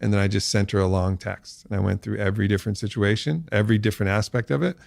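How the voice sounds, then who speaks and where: A man's voice: on the low side, steady tone, quick pace, vocal fry, a little mellow, no echo, clean studio sound. A man on a podcast as guest, telling stories casually and reflectively, often breaking into laughter. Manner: reflective, uses many fillers. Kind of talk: casual storytelling.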